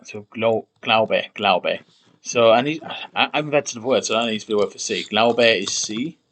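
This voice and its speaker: A man's voice: lowish voice, moderate pace, a bit bright. A man streaming himself building a made-up language, thinking aloud while typing, muttering and repeating words to try them out. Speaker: conlang streamer.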